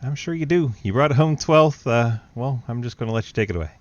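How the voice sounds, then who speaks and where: A laid-back male host interviews drivers with easy teasing and frequent laughter, his voice at an ordinary pitch. The sound is dry and a little dull, like a lo-fi voice chat mic. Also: animated, fast, dry recording. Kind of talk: casual post-race interviews.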